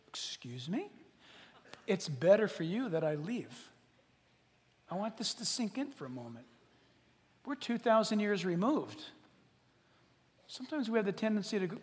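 Animated high-voiced preacher in a hall. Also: male voice, normal speed, pauses often. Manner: animated, joking, swings from hushed to shouting. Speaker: pastor. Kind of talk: sermon. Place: church hall. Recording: long hall reverb.

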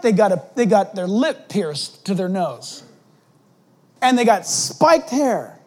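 Guy pastor preaching, voice swinging all over the place, punchy questions to the crowd. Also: extremely high pitch. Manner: animated, emphatic preaching with rhetorical questions. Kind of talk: expository sermon.

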